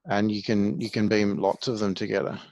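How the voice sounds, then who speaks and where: A man's voice: on the low side, level tone, fairly quick, darkish tone, dry recording, dull audio. A man teaching a one-to-one music lesson, patiently explaining things step by step.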